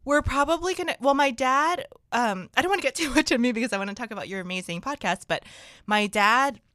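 Bright-voiced woman, giggly and teasing. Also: sits high, fast talker, no room sound, studio quality. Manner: giggly, teasing, laughs often. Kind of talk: casual chat.

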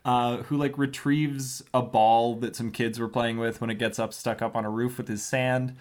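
A man's voice: medium pitch, level tone, normal speed. A man hosting a casual podcast chat, rambling through a recap, laughing and swearing freely. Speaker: podcast host.

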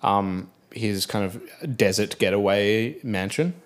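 A man's voice: lowish voice, slow pace. A young man chatting easily on a podcast, amused and easygoing. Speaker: podcast co-host. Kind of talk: casual chat.

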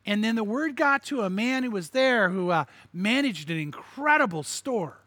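A man's voice: sits high, expressive, moderate pace, pushed and bright, dry recording. A middle-aged man preaching a sermon, telling stories and repeating lines for emphasis. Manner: storytelling with quoted voices and emphatic repetition. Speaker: pastor.

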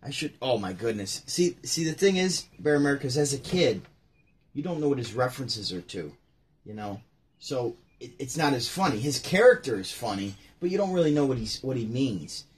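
A man casually commenting on comedy clips, laughing often and repeating the jokes excitedly. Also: medium pitch, moderate pace, slightly rough. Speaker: host reacting to comedy.

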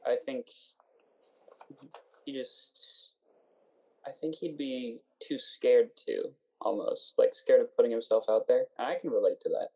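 Slow, mellow-voiced young man. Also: mid-range voice, vocal fry, husky, dull audio. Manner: hesitant, soft-spoken, trailing off. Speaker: student discussing a book. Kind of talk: casual book discussion.

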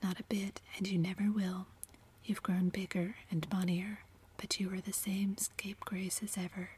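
Woman whispering blunt spirited young writer girl, flat even hush, whispered role-play. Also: mid-range voice, moderate pace, a little hiss or hum, close to an everyday voice. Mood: teasing. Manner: whispered, exclaiming.

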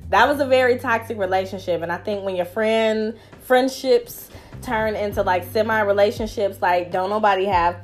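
A young woman, hosting a podcast and telling a story in slangy, animated casual chat over a phone app. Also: mid-range voice, moderate pace, faint music behind. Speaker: podcast host.

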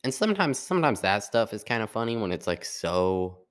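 A man's voice: fairly low pitch, sing-song, a little fast. A young man talking in a casual, rambling monologue, full of restarts and fillers. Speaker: podcast host.

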